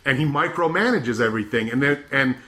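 A man hosting a podcast, chatting casually and retelling scenes with animated laughter. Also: mid-range voice, a little fast. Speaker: podcast host. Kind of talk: casual chat.

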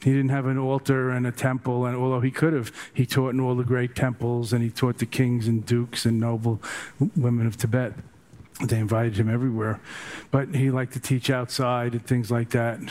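Older guy giving a dharma talk, funny and meandering, mid pitch. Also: level tone, moderate pace, a little mellow. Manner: humorous, rambling storytelling. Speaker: meditation teacher.

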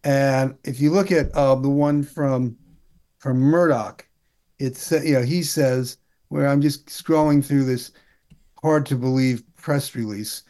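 A man in casual political talk, wry and indignant, often halting and restarting his sentences. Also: medium pitch, mellow. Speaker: political commentator.

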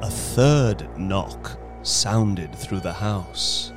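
A man narrating a story in a slow, suspenseful dramatic reading, with music behind him. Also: lowish voice, lively intonation. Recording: reading over background music.

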